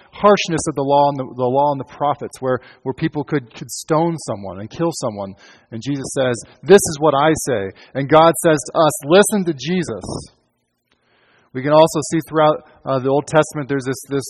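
Guy giving a sermon, mid pitch, earnest, lots of restarts, big hall echo. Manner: earnest, with frequent restarts and quoted lines. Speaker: pastor. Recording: long hall reverb.

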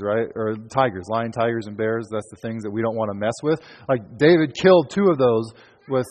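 A man preaching a sermon as pastor, in a conversational, emphatic way with casual fillers. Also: mid-range voice. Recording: hall with long reverb.

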